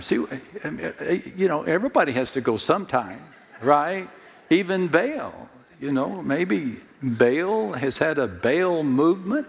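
A man's voice: a little high, big pitch swings, measured pace, vocal fry, big-room sound, a little hiss or hum. A man preaching a sermon, telling the story dramatically, with jokes and direct appeals to his listeners. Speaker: pastor.

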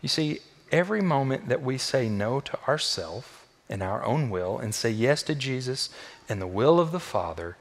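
A male pastor preaching a sermon in a church, with emphatic repeated phrases and sudden swings between quiet and loud. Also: medium pitch, animated, normal speed, vocal fry. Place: church sanctuary. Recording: long echo of a large hall.

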